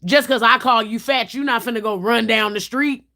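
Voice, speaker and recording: A blunt young guy who mocks and cusses, pitched low and gruff, as a woman puts him on. the tone is hard and flat, and the teasing runs all the way through. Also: moderate pace, heavily acted. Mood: blunt mocking. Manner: harsh, mocking, profane.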